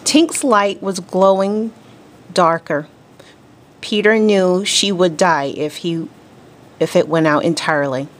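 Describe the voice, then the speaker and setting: A woman teacher reading a children's storybook aloud to her class, expressive and deliberate. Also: on the low side.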